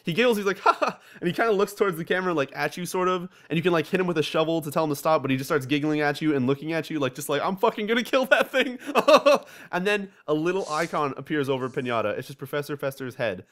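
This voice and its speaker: A young man hosting a casual gaming podcast, telling animated stories with lots of swearing and laughter. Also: a little high. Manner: fast, animated storytelling with frequent swearing and laughter. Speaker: podcast host.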